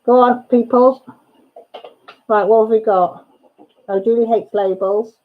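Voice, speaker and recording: A woman's voice: on the high side, steady tone, unhurried, phone-quality sound. A woman hosting a casual crafting livestream from home, rambling and chatty, often breaking off mid-thought. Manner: chatty, rambling, self-interrupting. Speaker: crafting channel host.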